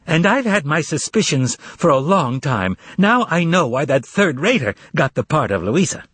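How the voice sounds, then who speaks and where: Man doing a jealous young actress, spiteful, excited, high and lively, storybook reading. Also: normal speed, slightly rough, no echo, heavily acted.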